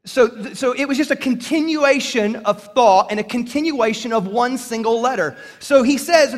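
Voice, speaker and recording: A man pastor delivering an animated sermon, telling stories and leading call-and-response with the congregation. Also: very high voice, moderate pace, few pauses, in a large hall. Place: church sanctuary.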